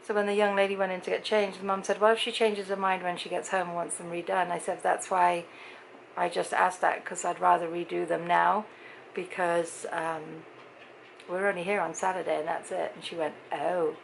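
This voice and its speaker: Tired british lady vlogging, gravelly low voice, faint hiss behind her. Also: flat delivery, moderate pace, poor audio. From Britain. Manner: chatty storytelling, acting out both sides of conversations. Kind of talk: casual chat to camera.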